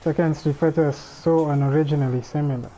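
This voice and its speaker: Mellow-voiced man rambling on a stream. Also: fairly high pitch, steady tone, quick pace, slight background noise, poor audio. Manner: rambling, thinking aloud with many restarts. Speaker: livestream host. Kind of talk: casual livestream chat. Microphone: streaming microphone.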